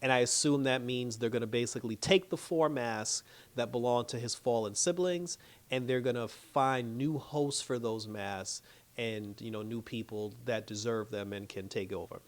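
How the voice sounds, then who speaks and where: A man's voice: medium pitch, normal speed. Man chatting through a TV recap. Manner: loose, chatty retelling full of "like" and "you know"; slangy and playful, laughing often. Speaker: TV show reviewer. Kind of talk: casual episode recap.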